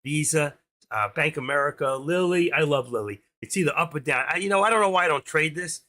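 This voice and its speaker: A middle-aged man hosting a trading livestream, talking casually and fast as he walks viewers through charts and watch lists. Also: a little high, bright, forceful tone. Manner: rambling, talks fast while clicking through charts. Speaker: stock trading livestream host. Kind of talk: casual live screen-share commentary.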